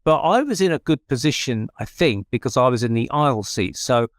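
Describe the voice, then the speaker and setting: A man, a paranormal researcher, telling an animated anecdote in casual conversation, with many restarts. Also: mid-range voice, fairly quick, dry recording, studio quality. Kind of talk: conversational storytelling.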